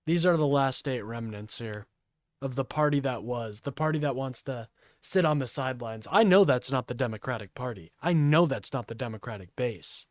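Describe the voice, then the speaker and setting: A man's voice: mid-range voice, moderate pace, dry recording. Man, livestream rant, agitated, swearing, apologetic, dry close sound. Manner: agitated, profane, keeps apologizing. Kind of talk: ranting livestream commentary.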